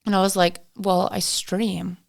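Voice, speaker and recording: A young woman from Canada, appearing as a podcast guest, relates a long story in casual conversation, acting out both sides with plenty of "like." Her mid-range voice has vocal fry, a flat delivery and a measured pace.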